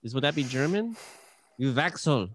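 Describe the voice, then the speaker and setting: Male podcast co-host, animated, rambling delivery. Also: fairly quick, no echo. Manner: rambling, laughing, jumps high in pitch. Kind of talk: casual comedic podcast banter.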